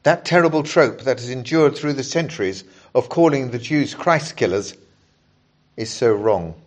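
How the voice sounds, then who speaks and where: A man preaching a sermon, explaining scripture in a measured, earnest way and reading passages aloud to the congregation. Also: medium pitch, expressive.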